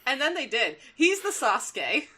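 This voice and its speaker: A woman's voice: high voice, very animated, normal speed, sharp tone, husky. A woman co-hosting a podcast, chatting casually about a cartoon, laughing and swearing often. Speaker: podcast co-host. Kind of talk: casual chat recapping a cartoon.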